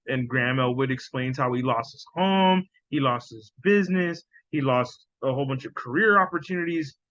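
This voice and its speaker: A man's voice: medium pitch, fairly bright tone, no room sound, dull audio. Scornful profane man ranting on a podcast. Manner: scornful, profane, repeats himself. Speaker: podcast host reacting to clips. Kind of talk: casual commentary.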